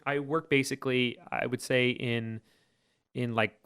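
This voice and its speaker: A man's voice: medium pitch, steady tone, a little slow, a bit bright, clean tone, no room sound, studio quality. A man, a choir teacher and podcast co-host, explaining vocal technique at length in casual chat with jargon and restarts.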